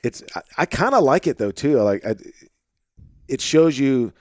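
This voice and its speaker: A man with a light Arkansas twang hosting a podcast, chatting in a relaxed, rambling way with plenty of fillers, in a home office. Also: medium pitch, normal speed, dry recording, clean studio sound. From St. Louis, Missouri. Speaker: podcast host. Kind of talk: casual conversation.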